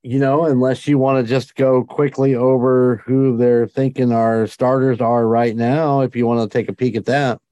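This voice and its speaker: A man's voice: mid-range voice, little pitch movement, moderate pace, hardly any pauses, mellow, dry recording. A man hosting a podcast in casual chat, enthusiastic and rambling. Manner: enthusiastic, rambling, many restarts. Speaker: podcast host.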